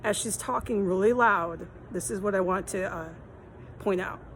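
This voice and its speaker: A woman's voice: medium pitch, moderate pace, a little hiss or hum, rough recording. A woman filming herself outdoors on a city street, talking in a rambling, aggrieved, repetitive way while hot and tired. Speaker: vlogger. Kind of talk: rambling walk-and-talk vlog.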